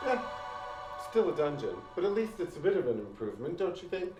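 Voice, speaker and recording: A man's voice: a little high, very animated, fairly quick, over music. A man voicing a flamboyant, theatrical male djinn spirit with a grandiose, teasing delivery. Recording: roomy echo.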